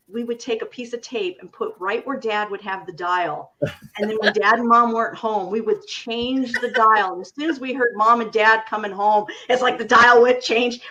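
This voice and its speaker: A woman in her fifties co-hosting a casual chat, groping for names and telling lively anecdotes. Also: on the high side. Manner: searching for words, lively anecdotes. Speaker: co-host. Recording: slightly dull recording.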